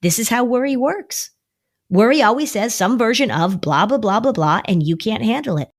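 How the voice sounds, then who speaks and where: Middle-aged female therapist, podcast co-host, animated teacher who acts out quotes. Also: fairly high pitch, normal speed. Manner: animated, acts out quoted voices of worry and kids. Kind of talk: podcast conversation.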